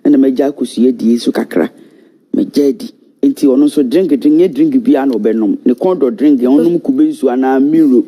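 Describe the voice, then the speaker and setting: A man, co-hosting a talk show, giving relaxed advice in casual studio chat. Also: medium pitch, moderate pace, slightly rough. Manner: relaxed, giving advice with many agreeing murmurs.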